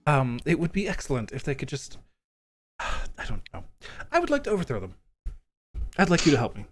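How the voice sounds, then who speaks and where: A man's voice: on the high side, huge pitch swings, normal speed, slight background noise, pitched above the performer's own voice. A man voicing a vain, scheming male coin lord who talks in a smug, self-satisfied, wheedling way.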